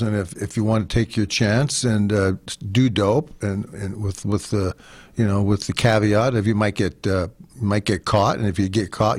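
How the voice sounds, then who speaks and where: A man's voice: lowish voice, a little mellow, dry recording. A man co-hosting a sports talk radio show, a former football player speaking bluntly and jokingly, often repeating himself.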